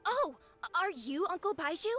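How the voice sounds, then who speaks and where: A woman's voice: very high voice, big pitch swings, moderate pace, sharp tone, soft background music, exaggerated voice. A polite little boy. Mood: earnest. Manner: earnest, polite. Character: polite young boy searching for dad. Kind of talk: video game voice acting.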